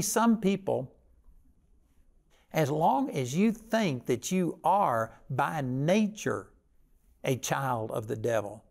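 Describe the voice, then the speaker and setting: A man's voice: on the high side, gravelly, darkish tone. An older man preaching a sermon with folksy stories and a plain, conversational delivery.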